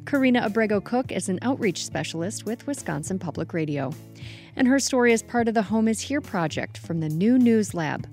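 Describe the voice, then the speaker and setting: A woman radio producer reading a scripted introduction and credits in a clear, measured announcing manner. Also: on the low side, a little mellow.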